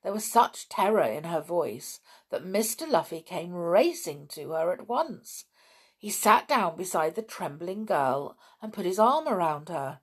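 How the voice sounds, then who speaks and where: A woman reading a children's storybook aloud with expressive, dramatic narration. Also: fairly low pitch, unhurried, slightly rough.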